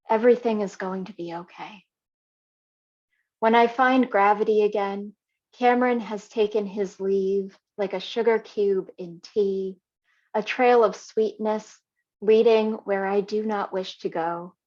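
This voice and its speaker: Young woman poet, unhurried measured reading, muffled lo-fi call sound. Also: mid-range voice, darkish tone. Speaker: poet reading her work. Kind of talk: poetry reading.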